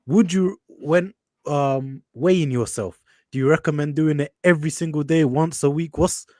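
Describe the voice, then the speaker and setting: Young-sounding London caller, polite and hesitant, dry close sound. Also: male voice, a little high, normal speed, warm tone, no echo. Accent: London English. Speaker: caller on a live stream. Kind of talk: asking questions on a live call.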